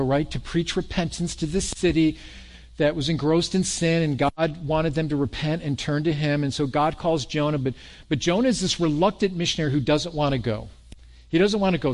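Animated preacher man with a higher voice. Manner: animated, repeats words, laughs with the congregation. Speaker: pastor. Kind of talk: sermon. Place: church sanctuary.

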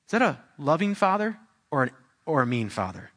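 A man's voice: on the high side, sing-song, fairly quick, fairly bright tone. A young adult man preaching a sermon into a microphone in a church, talking conversationally with restarts and building to raised intensity. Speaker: pastor. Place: church hall. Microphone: handheld or stand microphone.

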